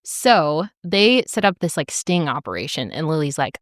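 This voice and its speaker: A woman's voice: low voice, moderate pace, hardly any pauses, no room sound, clean studio sound. A young woman co-hosting a podcast, recapping a novel in casual chat and acting out the characters' lines with lots of laughter. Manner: animated, acts out characters' lines, laughs often. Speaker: podcast co-host.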